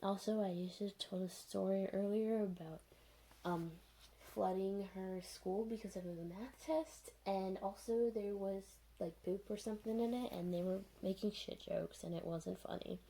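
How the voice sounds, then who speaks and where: A young woman casually recapping a show episode with dry sarcasm and plenty of filler words. Her voice is mellow and a little husky, and her delivery is loose and chatty. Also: medium pitch, steady tone, moderate pace, low-quality recording. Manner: sarcastic, chatty, full of "like" and "anyways". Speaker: video reviewer.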